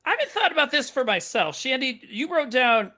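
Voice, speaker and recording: A man hosting a casual movie podcast, his pitch swinging widely as he talks. His voice sounds bright and forward. He rambles, stacking fillers and restarts. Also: big pitch swings, brisk. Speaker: podcast host.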